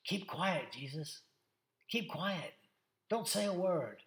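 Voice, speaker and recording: Preacher doing a tempting devil voice, urging, raised pitch, roomy echo. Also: male voice, lively intonation, slow pace. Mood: coaxing. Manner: urging, coaxing, repetitive.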